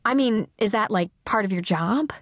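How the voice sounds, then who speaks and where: A woman voicing a sardonic, self-mocking teenage girl who talks quickly and chattily. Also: medium pitch, expressive, dry recording, studio quality, lightly acted. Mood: chatty.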